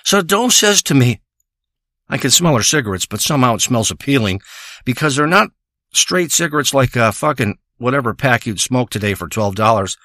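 A man's voice: mid-range voice, sing-song, moderate pace, pushed and bright, no echo, studio quality. A man delivering a crude, rambling comic monologue, ranting and swearing as he tells a story.

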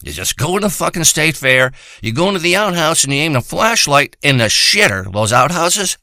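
A man's voice: on the high side, big pitch swings, moderate pace, sharp tone, no room sound. A man delivering a profane, rambling and boastful comic monologue.

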